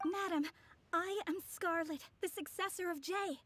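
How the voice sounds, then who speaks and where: A poised, mysterious young heir. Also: female voice, very high-pitched, normal speed, a bit bright. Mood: courteous. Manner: poised, formal, courteous. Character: composed, mysterious young woman of a secret order. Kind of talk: video game voice acting.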